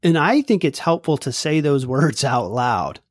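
A man in casual conversation, co-hosting a podcast. He talks in an animated way, slipping into quoted lines and laughing easily, at an ordinary middle pitch. The sound is dry and close, with no room echo. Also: measured pace, slightly rough. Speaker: podcast co-host. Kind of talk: casual chat.

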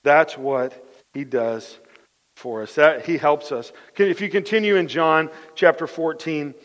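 A man preaching a conversational sermon, telling lively everyday stories, repeating his phrases and dropping his voice soft for the key points. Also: fairly high pitch, a little slow, big-room sound. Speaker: pastor.

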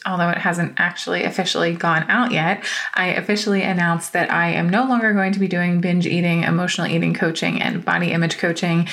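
A woman's voice: lowish voice, fairly bright tone. A woman hosting a motivational podcast, talking in an upbeat, encouraging pep-talk manner with casual swearing. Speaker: podcast host and business coach.

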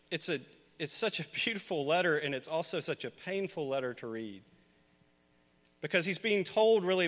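A man preaching a sermon as pastor of his church, earnest and rising to loud, pleading questions. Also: on the high side, long reverb tail.

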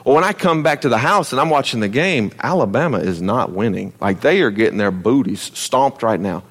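A man preaching a conversational sermon, swinging from loud, raised lines to hushed ones and often calling on listeners to listen. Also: mid-range voice, lively intonation, fairly quick. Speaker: pastor. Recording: long hall reverb.

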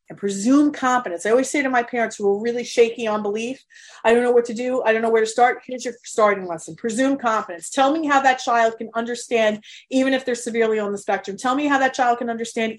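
A middle-aged woman coaching parents in a motivational live-stream talk, emphatic and energetic, blunt and casual. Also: a little high.

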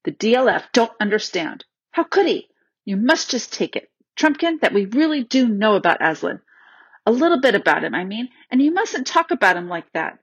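A woman doing a dutiful young high king. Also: sing-song, moderate pace, husky, no echo, heavily acted. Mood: reasoning. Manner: firm, reasoning. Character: eldest boy, high king, torn but dutiful. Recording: dull, slightly lo-fi dry recording.

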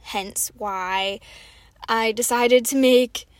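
A woman's voice: on the high side, steady tone, very slow, no echo. A woman in her twenties with an American accent, hosting a podcast for learners in a chatty, self-deprecating way. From United States. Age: 20s. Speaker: podcast host. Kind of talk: slow, clear podcast talk for learners.

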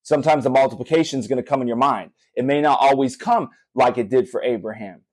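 A man's voice: mid-range voice, fast, slightly rough, no echo, rough recording. A man, a father, preaching earnestly on a podcast, speaking directly to listeners and often repeating his points. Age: young adult or middle-aged father. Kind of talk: podcast sermon.

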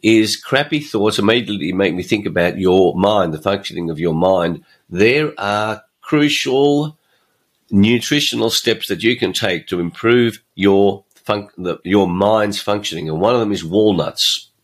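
A middle-aged man delivers a motivational podcast monologue. His voice sits low and carries a husky edge. He hammers his points home by repeating words. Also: measured pace. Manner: emphatic, repeats phrases. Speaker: podcast host and coach.

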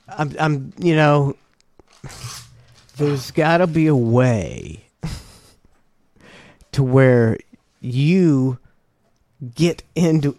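Man, podcast co-host, rambling storyteller, slightly high voice, dry close recording. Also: a little mellow, dry recording. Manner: rambling, many fillers and restarts, laughs easily. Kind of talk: casual chat.

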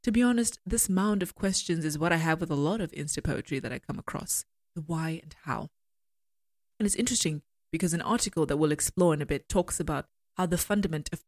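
A woman giving a measured, analytical critique of poems and reading lines aloud. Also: sits low, a little mellow, no room sound, studio quality. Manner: measured, deliberate, argumentative. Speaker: poetry critic.

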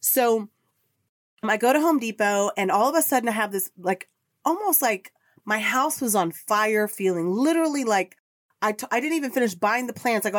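Brisk and animated, a middle-aged woman with a slightly high voice hosts a podcast and relates a personal story in an earnest, rambling, emotional way. The sound is clean studio audio with no echo.

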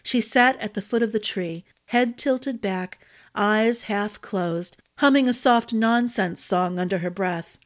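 A woman storyteller giving a measured, expressive audiobook narration. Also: mid-range voice.

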